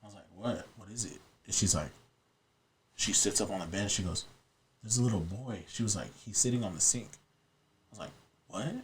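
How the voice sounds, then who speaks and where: A man's voice: lowish voice, a little fast, pauses often, a little hiss or hum. A man in his thirties, a podcast guest, telling a story in an earnest, matter-of-fact way in casual chat. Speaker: podcast guest, paranormal investigator.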